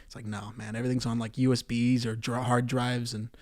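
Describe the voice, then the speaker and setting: A male comedian ranting through a solo podcast in a mid-pitched voice, cursing freely. He jumps from loud outbursts to low, muttered asides. The sound is dry and close, with no room echo. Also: level tone, fairly quick. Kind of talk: comedic rant monologue.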